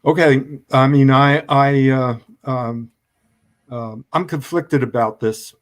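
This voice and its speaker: Halting man, hesitant guest. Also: medium pitch, steady tone. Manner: halting, full of hesitations and restarts. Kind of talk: conversational debate.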